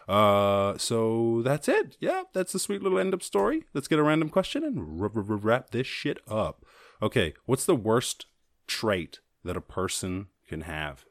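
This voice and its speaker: Male solo podcast host, low voice, profane jokey riffing, dry close recording. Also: very animated, no room sound. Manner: loose, profane, jokey, acts out quick voices. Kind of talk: casual comedic monologue.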